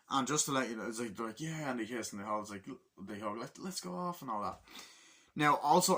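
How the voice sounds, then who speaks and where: Excitable, foul-mouthed man reviewing a film. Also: on the low side. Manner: profane and excitable, acts out scenes in bursts. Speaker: movie reviewer. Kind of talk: casual spoken film review.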